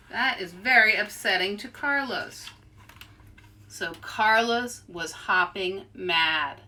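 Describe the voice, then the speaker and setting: Animated woman leading a kids' read-aloud. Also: medium pitch, slow. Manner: animated, playful, coaxing listeners to join in. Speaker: children's book author. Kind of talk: interactive read-aloud for children.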